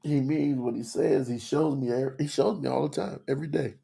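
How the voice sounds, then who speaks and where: Gravelly emotional man preaching to his chat. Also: medium pitch, fairly even intonation, brisk, warm tone. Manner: emotional, talks straight to the chat. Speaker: scripture teacher on a livestream. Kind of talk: emotional livestream sermon.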